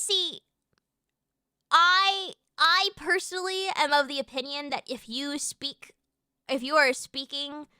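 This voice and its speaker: A woman streamer talks straight to her viewers in a high, sharp voice, rambling along with lots of restarts and the odd curse. She sits close to a desk mic in a dead-dry home room. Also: clear, resonant tone, no room sound. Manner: rambling and animated, with restarts and casual swearing. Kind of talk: casual live-stream chat.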